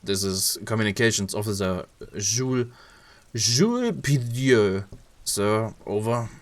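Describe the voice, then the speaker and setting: A man's voice: fairly low pitch, expressive, takes it slowly. A man with a German accent voicing a formal police radio operator who talks in clipped radio codes.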